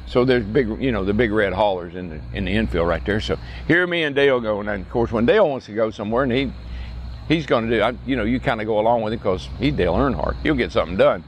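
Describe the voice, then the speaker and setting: An older man telling folksy stories in a casual way, animated as he acts out what others said. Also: lowish voice, fast talker, slight background noise. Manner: folksy, animated storyteller who acts out quotes in a raised voice. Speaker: retired racing driver telling stories. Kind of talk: casual storytelling. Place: outdoors at a racetrack.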